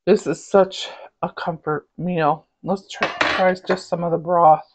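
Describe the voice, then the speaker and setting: A woman's voice: lowish voice, fairly even intonation, measured pace, background noise. Chatty woman with a light Southern accent. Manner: chatty, rambling, savoring food aloud. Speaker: cooking vlogger. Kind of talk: casual cooking chat.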